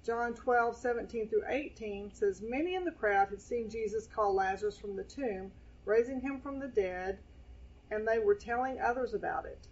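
A woman pastor, preaching a casual sermon in a chatty, animated way while seated at a table. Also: fairly high pitch, moderate pace, breathy edge. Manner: chatty, animated, scripture quoting. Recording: dull lo-fi sound.

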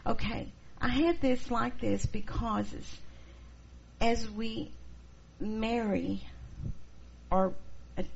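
A middle-aged woman teaching a church class, expressive and acting out the people she quotes. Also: a little high, takes it slowly, gravelly. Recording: dull lo-fi recording, faint noise.

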